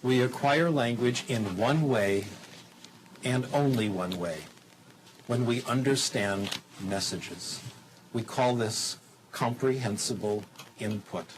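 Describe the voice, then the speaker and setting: A man gives a lecture to a television audience in an even, mid-pitched voice. He teaches in a lively, demonstrative way, firing off rhetorical questions and slipping into simple, slow German to make his point. A faint hum runs behind him. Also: rough recording. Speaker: lecturer on language acquisition.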